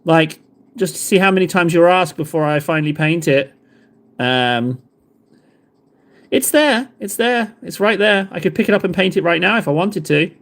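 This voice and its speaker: A man's voice: a little high, a little fast, a bit bright. A man streamer chatting casually and rambling, mocking himself, who says f or t in place of th. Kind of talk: casual live-stream chat.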